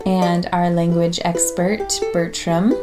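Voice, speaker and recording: A woman's voice: fairly low pitch, flat delivery, takes it slowly. A woman from the United States, a podcast host giving earnest, scripted narration. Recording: loud music bed underneath.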